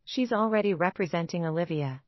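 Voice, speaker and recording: A woman narrator voicing a calm, smooth, confident male lawyer. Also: on the low side, brisk, no room sound, highs cut off, close to an everyday voice.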